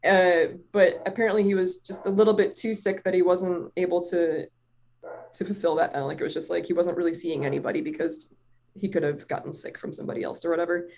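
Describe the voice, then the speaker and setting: A woman's voice: fairly low pitch, fairly even intonation, a little fast, creaky, darkish tone. A chatty woman tells a personal story in casual conversation. She rambles, leans on fillers, and swears freely. She laughs easily as she talks. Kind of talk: casual chat.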